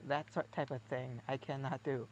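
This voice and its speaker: A man's voice: medium pitch, fairly even intonation, moderate pace, dull audio, slight background noise. A man streaming a game, chatting casually in a rambling, musing, self-mocking way. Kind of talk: casual gameplay chat.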